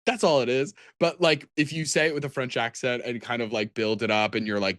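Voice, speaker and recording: A man's voice: medium pitch, fairly even intonation, brisk, hardly any pauses, a bit bright, dry recording, clean studio sound. A man co-hosting a podcast, chatting casually about tabletop games in a rambling way with many restarts. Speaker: podcast co-host.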